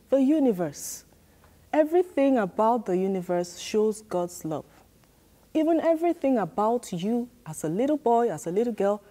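Her voice is medium in pitch and dark in tone as she teaches children at church. She keeps repeating key lines with emphasis and prompts the children to respond and echo her.

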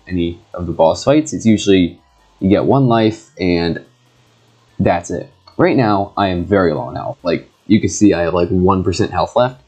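A young man giving casual, joking gameplay commentary with quick excited reactions and sarcastic asides. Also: low voice. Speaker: gaming YouTuber. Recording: faint background music.

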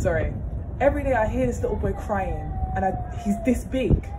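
A woman's voice: mid-range voice, animated, a little fast. A young woman, ranting casually to her phone in an incredulous, slangy way. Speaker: vlogger. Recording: noisy phone recording.

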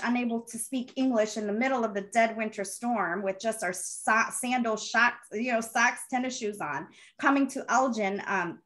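A middle-aged woman, a panel guest, earnestly recounting her family history with animated retelling. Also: a little high. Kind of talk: personal storytelling.

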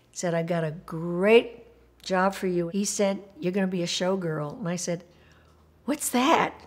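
An older woman recalls her past in an animated, expressive way. She acts out the voices of the people in her stories, often breaking into laughter as she talks. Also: medium pitch. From Puerto Rico. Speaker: interviewee. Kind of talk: documentary interview storytelling.

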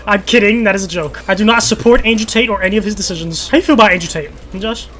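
A young man streaming a team shooter game, trash-talking his friend with crude jokes and sudden excited yells. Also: high voice, fast, slight background noise. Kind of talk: casual gaming chat.

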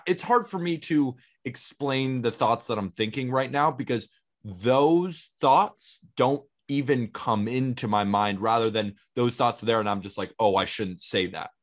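Blunt man chatting on a podcast. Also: mid-range voice. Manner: blunt, emphatic. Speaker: podcast co-host. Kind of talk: casual chat.

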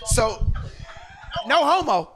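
A man hosting a podcast, telling a story in casual chat, animated and laughing often as he acts out quotes. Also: very high-pitched, takes it slowly, vocal fry, slight background noise. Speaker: podcast host. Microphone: podcast studio mic.

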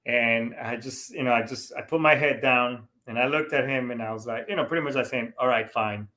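A middle-aged man tells a personal story straight to his viewers. His voice has a bright, forward edge. He rambles and circles back, leaning on "you know" and restarting sentences as he goes. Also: mid-range voice, fairly quick. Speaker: show host, Marine veteran.

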